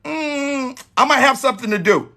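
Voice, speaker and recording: A man playing a woman who keeps dodging a date invitation, speaking high and bright with long hesitant hums. She sounds quiet and evasive, always putting off an answer. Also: gravelly, full character voice. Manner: soft drawn-out hums, evasive.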